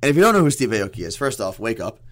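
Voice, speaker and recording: A young man co-hosting a radio show, joking and chatting quickly with his co-host. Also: mid-range voice, very animated, no room sound. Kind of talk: casual radio banter.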